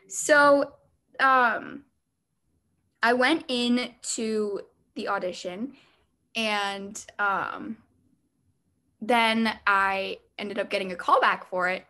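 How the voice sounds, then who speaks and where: A young girl actress talks through her answers slowly and hesitantly, filling pauses with ums and likes. Her voice sits at a middle pitch for a woman. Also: pushed and bright. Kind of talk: casual interview answers.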